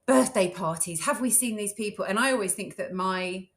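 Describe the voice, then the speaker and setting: A woman's voice: mid-range voice, normal speed. A middle-aged woman, a podcast guest, chatting casually and acting out little quotes as she tells stories. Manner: chatty, storytelling with acted-out quotes.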